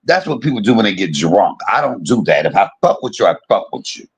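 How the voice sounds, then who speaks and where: A man's voice: fairly low pitch, big pitch swings, a little fast, husky. A man on his own livestream, delivering a heated, profane and confrontational rant that circles back on itself and repeats points. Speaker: live streamer.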